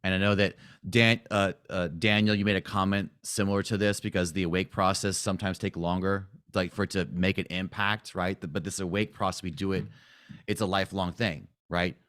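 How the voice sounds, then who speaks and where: A man coaching a group, casually retelling a client's story, animated, often asking "right?". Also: low voice, brisk. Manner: animated retelling, acts out quotes, frequent "right?". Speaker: spiritual coach.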